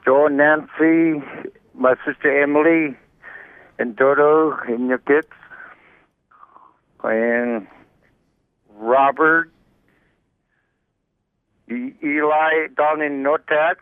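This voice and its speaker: A man from Alaska calling a radio show to send greetings, slowly listing names with halting fillers. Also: fairly high pitch, steady tone, dry recording. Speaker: caller. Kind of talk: call-in greetings. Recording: tinny phone line.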